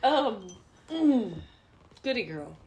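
A woman's voice: a little high, big pitch swings, drawn-out words, very noisy. A young woman co-hosting a podcast, telling a rambling, self-mocking story in casual chat and laughing often. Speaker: podcast co-host.

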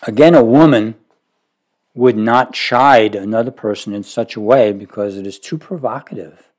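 A man preaching a sermon, speaking emphatically with sudden rises and low drops. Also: moderate pace. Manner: emphatic, rising to forceful peaks then dropping low.

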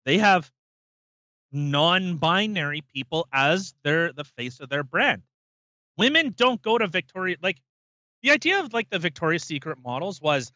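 A man's voice: a little high, very animated, moderate pace, sharp tone, no echo, lo-fi sound. A man co-hosting a podcast, ranting emphatically and swearing freely in casual chat. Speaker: podcast co-host.

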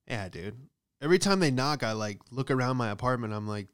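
A man's voice: medium pitch, lively intonation, fairly quick, smooth. A man doing a casual, profane comedic monologue, riffing with exaggerated bits about everyday hassles. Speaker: comedian host.

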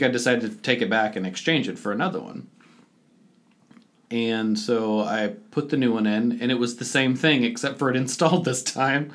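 A man's voice: medium pitch, fairly bright tone. A man co-hosting a podcast, telling stories in casual chat and slipping into jokey put-on voices. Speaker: podcast co-host.

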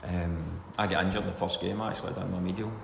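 Deep-voiced Scottish man telling stories. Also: steady tone, quick pace, gravelly. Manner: rambling, anecdotal, chuckling. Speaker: former footballer guest. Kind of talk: casual interview storytelling. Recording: echoey room with long reverb, faint hiss.

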